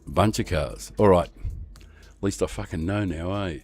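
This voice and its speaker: Wheezy older Aussie man, deep voice. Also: unhurried, darkish tone, soft background music. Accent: Australian. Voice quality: wheezy, with false teeth. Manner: rambling, profane, chatty. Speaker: game streamer. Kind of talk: casual gameplay commentary.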